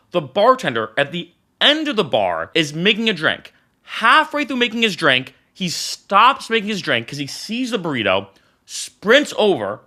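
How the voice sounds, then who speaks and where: Young guy telling a story on his vlog, super lively, acts out every line, bright voice. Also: on the high side. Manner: animated, acts out the dialogue. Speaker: vlogger. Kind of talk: casual storytelling.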